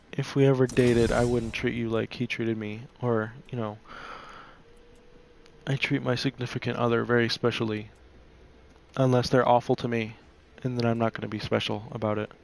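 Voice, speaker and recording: A man's voice: medium pitch, creaky, darkish tone. A man telling a personal story while gaming, rambling and profane, with lots of "like" fillers.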